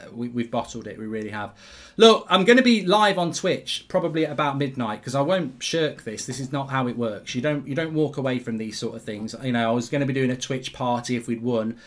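A middle-aged English man giving a blunt, sweary live reaction to a football match. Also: mid-range voice.

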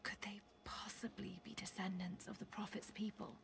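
An actress voicing a grave woman ally in an adventure game, speaking in a hushed, solemn tone. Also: mid-range voice, level tone, moderate pace, creaky, in a whisper, close to an everyday voice. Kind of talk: video game dialogue.

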